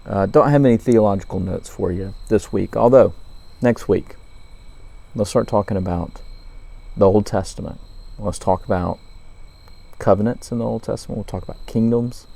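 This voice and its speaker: A man from Louisiana casually reviewing pipe tobacco, relaxed and rambling with frequent ums. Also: low-pitched, gravelly. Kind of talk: casual night-time review vlog.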